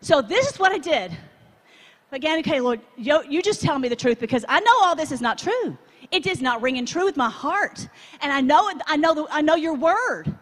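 A woman from Texas, preaching to a live audience in a chatty, animated way and asking the crowd to join in. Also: sits high, normal speed. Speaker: conference speaker. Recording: long hall reverb.

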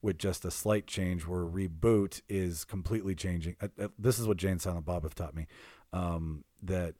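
A man's voice: low-pitched, steady tone, moderate pace, dark tone, no room sound, clean studio sound. A man hosting a podcast in casual chat, rambling and laughing often, swearing now and then. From Canada. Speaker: podcast host.

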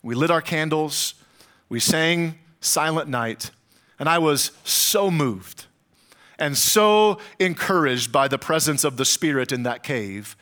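A man preaching a sermon as pastor, telling a travel story with dramatic pauses and comic asides to the congregation. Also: a little high, lively intonation, fairly bright tone.

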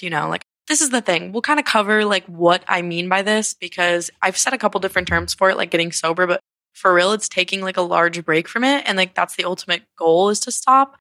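A woman's voice: fairly low pitch, fast talker, sharp tone, no room sound. Irritable, rambling young woman podcast host. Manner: rambling, distracted, swears often. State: irritable, sore throat. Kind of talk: casual podcast chat. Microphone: handheld microphone.

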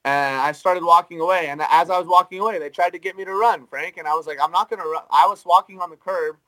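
A man's voice: sits high, fairly even intonation, fast talker, bright, forceful tone, low-quality recording. A young man co-hosting a podcast, telling a story animatedly and filling his speech with "like" and "dude". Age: young adult. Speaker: podcast co-host. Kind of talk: casual storytelling.

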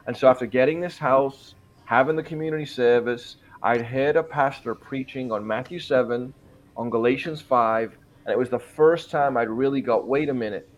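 A man's voice: mid-range voice, moderate pace. A man in his forties, a pastor, telling his conversion story in an interview, earnest and emphatic. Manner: earnest and emphatic, quoting his own prayers. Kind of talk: personal testimony in a podcast interview.

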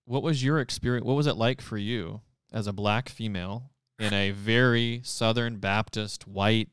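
A man's voice: fairly low pitch, fairly even intonation, normal speed, a bit bright, clear, resonant tone, dry recording, studio quality. A man interviewing an old college acquaintance, asking encouraging questions with small restarts. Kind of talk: casual interview.

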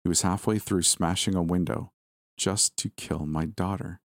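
A man narrating a first-person story in a steady, measured reading. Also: low voice, no room sound, studio quality.

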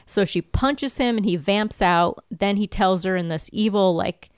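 A congested woman co-hosting a podcast, recapping an episode in casual, lively chat. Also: medium pitch, unhurried, clear, resonant tone, no echo, clean studio sound. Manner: lively storytelling with laughs. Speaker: podcast co-host.

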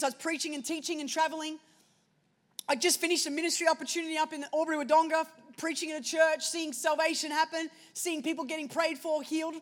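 A woman preacher telling a personal story in a sermon, shifting between hushed and loud moments. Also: high voice.

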